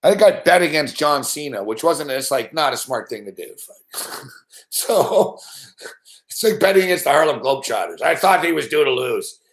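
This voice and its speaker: A man's voice: on the high side, moderate pace, echoey room. A man hosting a sports betting show, ranting profanely and animatedly on a live stream. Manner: swears constantly, animated, acts out scenes.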